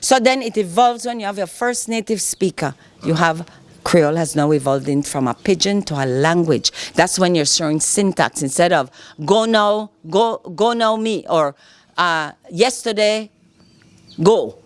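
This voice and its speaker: A Belizean Kriol-accented woman with a lowish voice speaks at a moderate pace as a guest educator in a casual interview. In a teacherly manner she keeps checking whether the listener is following, asking "all right?"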